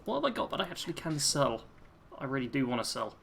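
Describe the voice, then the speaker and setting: Bright-voiced English man streaming a game. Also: mid-range voice, sing-song, fast, gravelly, slight background noise. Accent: English, between posh and street. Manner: chatty, reads chat aloud, laughs easily. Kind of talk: live gameplay commentary.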